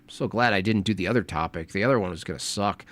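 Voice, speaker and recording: A man's voice: lowish voice, fast, fairly bright tone. A man giving sarcastic, mocking casual commentary as a vlogger. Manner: sarcastic, mocking, with acted back-and-forth quotes.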